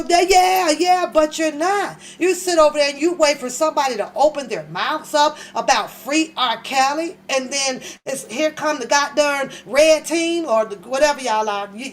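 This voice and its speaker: High female host, heated profane ranting commentary, loose and rambling. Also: low-quality recording. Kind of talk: casual reaction commentary.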